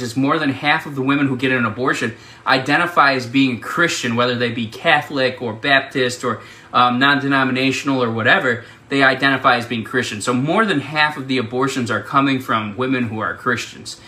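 A man's voice: medium pitch, pushed and bright. A man leading a ministry, telling a funny childhood story with laughs and fillers, then making a donation appeal. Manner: chatty, laughs often, many fillers. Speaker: ministry leader.

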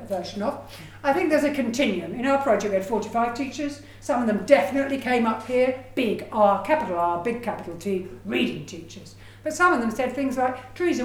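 A woman giving a lively, chatty lecture on her research, with personal asides. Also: fairly high pitch, a little fast, hardly any pauses, roomy sound. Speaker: education researcher giving a talk. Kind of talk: lecture presentation.

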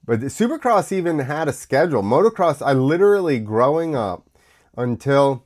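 A man's voice: fairly high pitch, very animated, normal speed, darkish tone. An American man hosting his own show, rambling through casual talk with many fillers, coughing now and then while sick. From United States. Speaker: podcast host.

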